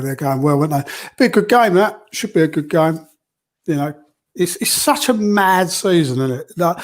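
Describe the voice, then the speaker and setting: A man co-hosting a football podcast, rambling through predictions with jokes. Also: on the high side. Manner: rambling, jokey. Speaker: podcast co-host. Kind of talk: casual football chat.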